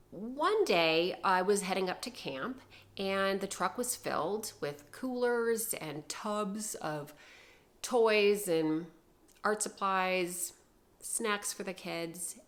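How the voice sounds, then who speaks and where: Animated woman telling a personal story. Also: medium pitch. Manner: animated, dramatic, swings from loud to hushed. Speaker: vlogger.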